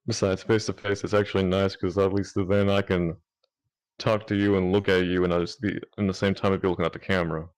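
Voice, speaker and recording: A man's voice: deep voice, flat delivery, fast talker. A man with a Southern accent from Mississippi, a guest voice actor speaking in an easygoing, plain way in a casual chat. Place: virtual reality chat room.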